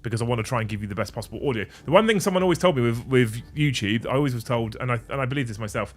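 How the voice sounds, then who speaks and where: Against a noisy background, a livestream host talks very fast with lively intonation in a mid-range voice. He chats casually and swears freely while adjusting his audio settings, using a studio mic on a desk mixer.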